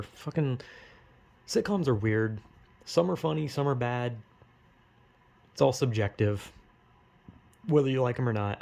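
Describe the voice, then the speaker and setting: Gravelly young man ranting profanely. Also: medium pitch, a little mellow. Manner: profane rambling, acts out crowd reactions. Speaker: vlogger ranting. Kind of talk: casual comedic rant.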